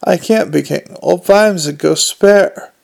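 A man voicing a scruffy, nervous lowlife city watchman who talks in common slang and gets flustered. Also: slow, vocal fry, darkish tone, heavily acted.

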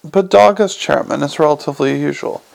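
A man's voice: on the high side, gravelly. A man voicing Mister Slant, a dry zombie lawyer. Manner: slow, formal and lawyerly. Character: dry old male zombie lawyer, precise and pedantic.

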